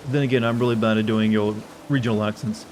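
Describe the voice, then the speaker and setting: A man's voice: lowish voice, steady tone, fast talker, darkish tone, slight background noise. A man casually commenting on his gameplay live, rambling and correcting himself as he chats with viewers. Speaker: game streamer.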